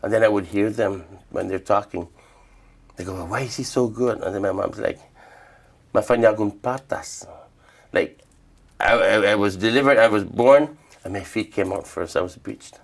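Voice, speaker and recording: An older man from Guam, telling stories of his past in a relaxed, reflective interview. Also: fairly low pitch, moderate pace, creaky. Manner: relaxed, reflective storytelling with quoted dialogue. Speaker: interviewee, traditional healer. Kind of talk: casual storytelling interview.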